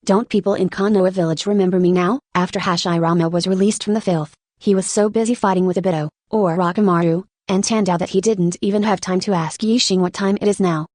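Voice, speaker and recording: A woman narrating an audiobook in an even, unhurried reading voice, reading every character's lines alike. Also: fairly low pitch, no room sound, studio quality.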